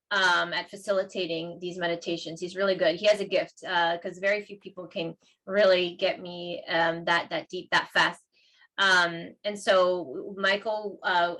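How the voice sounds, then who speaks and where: A woman's voice: medium pitch, a bit bright. A woman guest talking casually and with emotion, telling a personal story at length. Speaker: guest, learning center founder. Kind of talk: casual chat.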